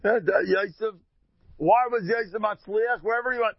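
A man's voice: high-pitched, moderate pace, no echo, dull audio. A man with a Yeshivish, Yiddish-peppered accent giving an informal religious talk, joking and acting out little dialogues. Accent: Yeshivish English, Yiddish-peppered. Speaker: speaker giving a Torah talk.

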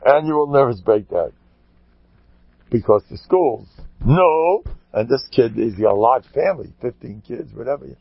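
Man, rabbi, storytelling talk, animated, acts out quotes, gravelly, dry close sound. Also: mid-range voice, moderate pace, no room sound. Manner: animated, acts out quotes, mixes in Yiddish and Hebrew words. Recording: dull lo-fi recording.

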